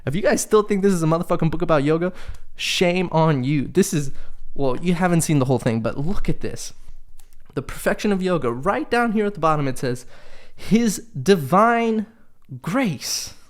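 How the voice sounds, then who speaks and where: A young man hosting a casual solo podcast, telling stories in an animated, profane, exasperated way. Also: on the high side, a little fast. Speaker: podcast host.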